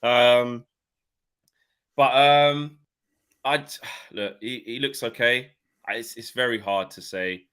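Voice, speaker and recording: A man at an average pitch, co-hosting a casual football podcast. He chats freely and laughs often. He hedges his opinions with plenty of ums. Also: fairly even intonation, slow, long pauses, a bit bright, clean tone. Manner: chatty, laughs often, many fillers. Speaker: podcast co-host.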